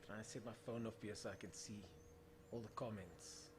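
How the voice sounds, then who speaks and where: A man's voice: lowish voice, steady tone, fairly quick, noisy background. A young man with a South African accent hosting a casual live stream of drag racing, calling the races and chatting through viewer comments.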